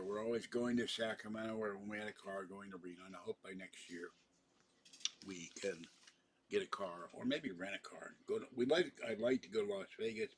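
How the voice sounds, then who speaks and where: Husky, rambling male livestream host. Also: on the low side. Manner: rambling and digressive, with many fillers. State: tired, yawning. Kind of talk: casual livestream chat.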